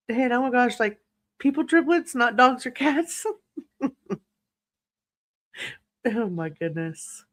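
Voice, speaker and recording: A true crime livestream host with a mid-range voice speaks slowly and animatedly, with long pauses. She chats casually and snarkily while reading viewer comments, laughing often.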